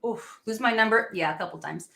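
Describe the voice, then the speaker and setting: A woman in her thirties hosting a podcast, chatting in an excited, gushing way with frequent laughs. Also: medium pitch, quick pace, gravelly, echoey room, slight background noise. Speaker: podcast host. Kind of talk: casual interview chat.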